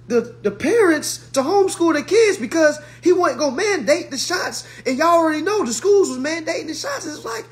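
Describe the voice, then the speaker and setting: A man in a profane, mocking monologue to his followers, using blunt slang and repeating his retorts. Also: extremely high pitch. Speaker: social media commentator.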